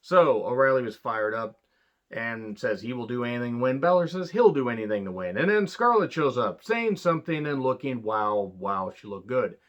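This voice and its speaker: A man's voice: medium pitch, animated, moderate pace, dull audio. A man giving a casual, profane wrestling review, blunt and sarcastic, rambling with restarts.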